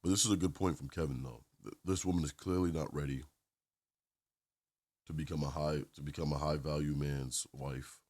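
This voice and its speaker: A man with an extremely deep, low voice talks through an opinionated reaction commentary. He hammers his points by repeating phrases, in the easy tone of a channel host speaking to viewers. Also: fairly even intonation, moderate pace, darkish tone.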